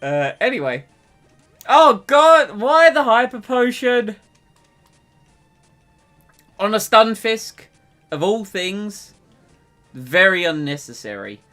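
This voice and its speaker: This is an English man streaming a video game and chatting casually, animated and quick to laugh. His voice sits a little high and jumps around a lot in pitch. Quiet game music plays behind him.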